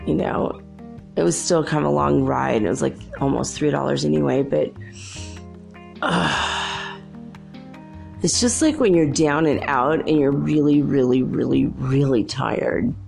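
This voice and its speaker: A woman with a low voice and a gravelly, creaky edge talks in a loose, rambling storytelling manner as a podcast host. She keeps it chatty and laughs often, with faint guitar music in the background. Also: a little slow, a little mellow. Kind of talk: casual storytelling monologue.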